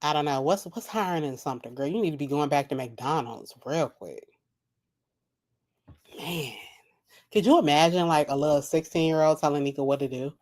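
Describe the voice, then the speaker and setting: A woman with a lowish voice riffs through a casual live stream. She is mocking and profane and rambles from one joke to the next. She sounds loose and unscripted. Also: normal speed, darkish tone. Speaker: live streamer reacting to a video.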